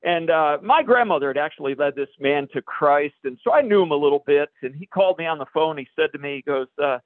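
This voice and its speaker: A pastor telling a personal story in a sermon, a lively storyteller who acts out the dialogue. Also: male voice, a little high, fast talker, no room sound. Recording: dry, phone-like radio broadcast.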